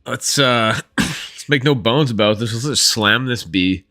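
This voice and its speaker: Bright, jokey man playing a tabletop game. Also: mid-range voice, measured pace, dry recording, clean studio sound. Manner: jokey, blunt. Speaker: player. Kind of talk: casual in-character chat in a tabletop game.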